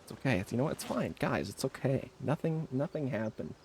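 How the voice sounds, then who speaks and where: A man's voice: mid-range voice, expressive, brisk, darkish tone, slight background noise. Laughing, self-mocking man streaming a game. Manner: mock-defensive banter with chat. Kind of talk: casual live game-stream commentary.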